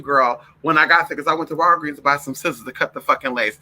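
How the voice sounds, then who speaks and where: A man's voice: fairly high pitch, animated, quick pace, few pauses, bright, forceful tone, poor audio. A man talking straight to his viewers, telling stories in a sassy, profane way and calling them girl and y'all. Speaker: vlogger. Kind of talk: casual storytelling to viewers.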